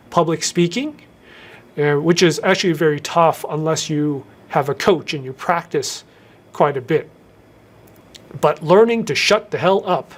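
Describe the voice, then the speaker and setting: Brisk man, shifting tempo. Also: a little high. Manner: shifts tempo, talks fast then slows with pauses and emphasis. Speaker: YouTube host giving career advice. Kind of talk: casual to-camera advice talk.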